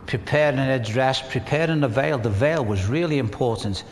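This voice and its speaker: Northern English pastor preaching in a hall. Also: male voice, mid-range voice, normal speed, slight background noise. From northern England. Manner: conversational, with rhetorical questions and humor. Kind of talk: sermon.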